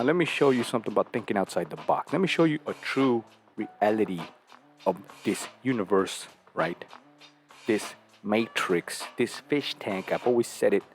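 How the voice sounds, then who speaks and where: Blunt, lecturing man with a low voice. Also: lively intonation, normal speed, faint music behind. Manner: blunt, profane, lecturing with rhetorical questions. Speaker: podcast host giving dating advice. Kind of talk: casual talk.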